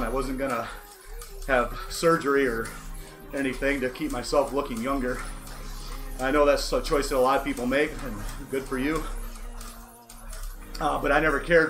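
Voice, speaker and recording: A man's voice: mid-range voice, fairly bright tone. A man in his forties hosting a livestream from an indoor bike trainer, rambling candidly and poking fun at himself. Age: 40s. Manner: candid, self-deprecating, wry. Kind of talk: casual rambling monologue. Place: indoor cycling setup. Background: faint background music.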